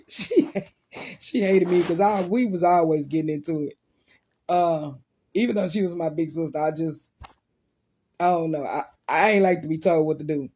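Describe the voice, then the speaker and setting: Husky, animated woman telling a story. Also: lowish voice. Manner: animated, laughing, vivid sound effects. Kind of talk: casual storytelling.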